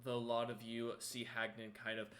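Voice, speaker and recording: A man's voice: medium pitch, monotone, normal speed, fairly bright tone, slight background noise. A man narrating as game master of a tabletop role-playing game, rambling with many ums and self-corrections.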